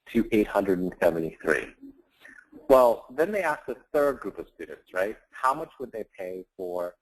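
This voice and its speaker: A man's voice: lowish voice, poor audio. Conversational man teaching a branding class. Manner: conversational, frequent "right?" tag questions. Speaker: branding instructor. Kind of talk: presentation lecture with slides.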